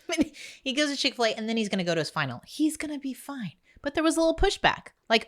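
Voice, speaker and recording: A woman in her forties hosting a casual parenting podcast, chatty and animated with quick asides. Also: mid-range voice. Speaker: podcast host. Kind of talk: casual chat.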